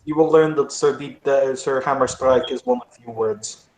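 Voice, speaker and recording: A man voicing a formal, courtly male noble fae in a tabletop role-play, speaking stately and measured. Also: mid-range voice, steady tone, darkish tone, close to an everyday voice. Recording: echoey room.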